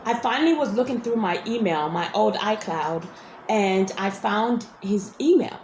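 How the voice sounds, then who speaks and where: A woman's voice: medium pitch, lively intonation, a little slow, a little mellow. A woman telling a personal story in a casual vlog from a hotel room, rambling with many restarts and asides. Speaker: vlogger. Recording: roomy echo with faint noise.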